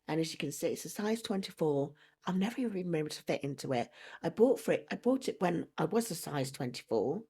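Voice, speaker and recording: A woman's voice: on the low side, darkish tone, slightly rough. A woman talking casually to camera in a vlog, chatty and digressive, often breaking into laughter. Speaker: vlogger.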